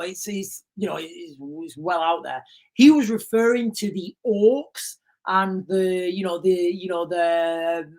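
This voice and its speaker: A woman hosting a casual livestream, rambling and repeating herself, earnest and emotional, often calling her viewers "guys". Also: medium pitch. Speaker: livestream host.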